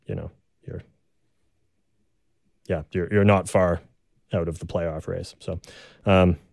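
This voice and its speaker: Young male co-host, casual and halting, slightly low voice, dry close recording. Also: creaky, no room sound. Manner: relaxed, halting, many fillers and restarts. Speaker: sports podcast co-host. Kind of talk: casual chat.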